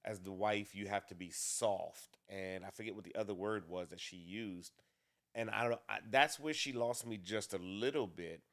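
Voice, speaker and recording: A man with a fairly low voice talks through relationship questions at an easy, considered pace. He doubles back and restarts now and then, like someone working his thoughts out aloud. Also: a bit bright. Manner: deliberate, measured, with restarts. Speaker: co-host. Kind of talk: casual relationship talk.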